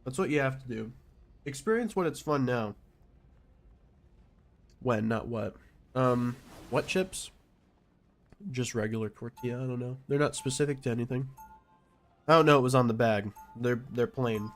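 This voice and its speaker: A man's voice: mid-range voice, normal speed, long pauses, faint music behind. A man streaming a video game, chatting casually with a rambling, self-deprecating manner. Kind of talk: casual live-stream chat while gaming.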